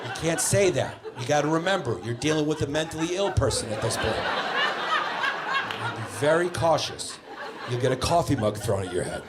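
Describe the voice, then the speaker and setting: A man's voice: mid-range voice, big pitch swings, moderate pace, pauses often, crowd noise, noisy background. A man doing a stand-up comedy set, giving mock advice and acting out over-the-top pleading. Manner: acts out exaggerated pleading. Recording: live club with audience laughter.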